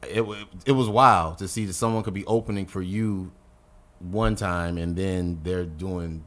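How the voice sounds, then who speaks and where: A middle-aged man from North Carolina settles in as a podcast guest and tells long stories. He swears freely, acts out what others said, and talks in a somewhat low voice. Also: a little slow. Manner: animated, profane storyteller who acts out quotes. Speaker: guest rapper. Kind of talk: casual podcast storytelling.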